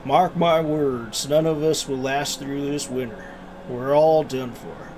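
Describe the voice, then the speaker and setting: A man's voice: medium pitch, takes it slowly, background noise, natural voice. A man voicing a grieving, gloomy village blacksmith with a wandering put-on Scottish brogue.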